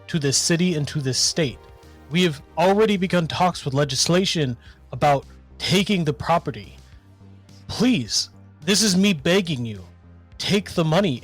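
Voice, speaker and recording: A man's voice: fairly high pitch, lightly acted. A man voicing a pushy, formal businessman pressing a family to sell. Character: smooth pushy male bank businessman.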